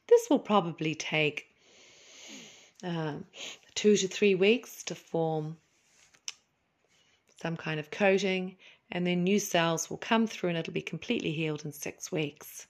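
A woman hosting a spiritual talk, speaking in a gentle, slow, soothing way and now and then acting out little voices to make her point. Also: on the low side. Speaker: podcast host.

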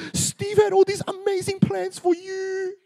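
A man voicing his friend who mocks him in a high, laughing mock prayer. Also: little pitch movement, slow pace, vocal fry, mellow, exaggerated voice. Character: mocking male friend, teasing and gleeful.

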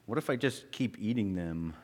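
A man's voice: on the low side, animated, moderate pace, in a large hall. A man giving a children's object lesson, quizzing the kids in a friendly, teacherly way.

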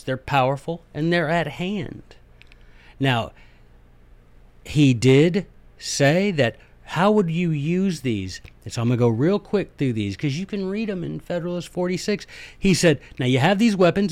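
A man hosting a podcast, talking in an animated, folksy way with quick comic asides. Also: a little high, dry recording. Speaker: podcast host.

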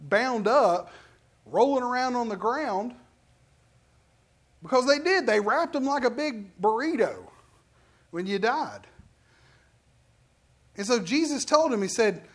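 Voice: mid-range voice, takes it slowly, pauses often. Pastor, conversational sermon, quizzes the congregation, church sanctuary. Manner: conversational, animated preaching, questions the congregation.

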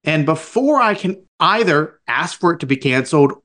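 A man co-hosting a podcast, retelling a story in casual chat with animated, indignant emphasis. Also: normal speed. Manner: animated, indignant retelling with sudden pitch jumps. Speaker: podcast co-host.

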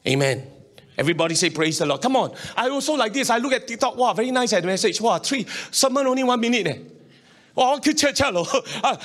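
A man's voice: very high voice, expressive, fast talker, fairly bright tone. A middle-aged man preaching a sermon. He talks emphatically, repeats himself and keeps calling on the congregation to respond, with frequent chuckles between points. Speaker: pastor.

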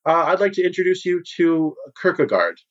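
A man's voice: high-pitched, big pitch swings, fairly quick, voice pushed up. A man voicing a fussy, flustered male guild handler in a tabletop game, in a raised voice. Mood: eager. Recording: dull lo-fi sound.

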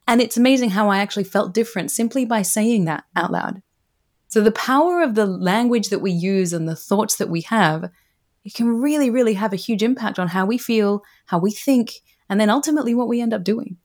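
A woman's voice: medium pitch, a little fast, a little mellow. Earnest woman explaining ideas as a guest. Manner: explanatory and earnest, with many "you know"s. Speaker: guest, wellbeing researcher. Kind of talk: casual conversational interview.

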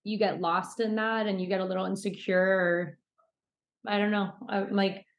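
A woman chatting as a guest on a video call, telling animated stories and laughing often. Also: medium pitch, moderate pace, muffled recording. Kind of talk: casual chat.

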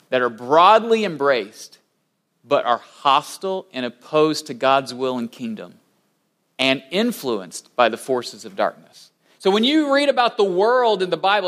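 A middle-aged man delivering a sermon in a high voice that leaps up and down with expression. He slips into animated storytelling, acting out the people he quotes, then slows down to stress his main points. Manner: slows down for emphasis on key lines. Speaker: pastor.

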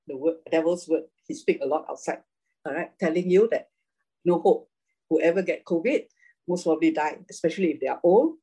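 A woman's voice: on the low side, dark tone, husky, poor audio. A woman teaching a casual Bible class, chatty, laughing often and checking in with "right?".

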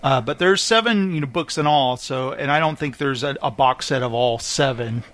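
A man's voice: mid-range voice, normal speed. A man hosting a podcast, chatting casually and acting out movie lines with lots of laughter. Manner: animated storyteller who acts out movie lines and laughs often. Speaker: podcast host. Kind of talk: casual chat.

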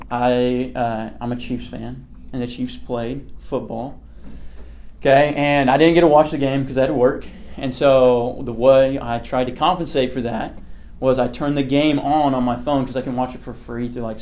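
A man's voice: medium pitch, a little mellow. A young man gives a casual youth sermon in a chatty, everyday way. He keeps checking in with his listeners and asking them questions. His talk is full of "like" and "okay" as he teaches. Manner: conversational, quizzes the listeners, many "like" and "okay" fillers. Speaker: youth pastor.

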